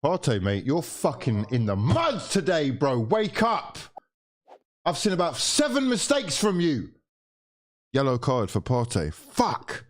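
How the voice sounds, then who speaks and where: A young man's fairly high voice swoops wildly in pitch, though his pace stays measured, as he hosts a live football watchalong. Exasperated, he swears constantly while ranting at the players and referees.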